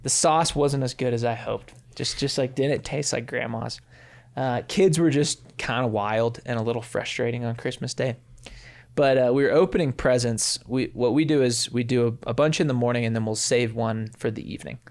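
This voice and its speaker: A man in his thirties co-hosting a podcast, telling a personal story in a relaxed, reflective way. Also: medium pitch, normal speed. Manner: warm anecdotal telling, acts out quotes. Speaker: podcast co-host. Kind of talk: casual storytelling.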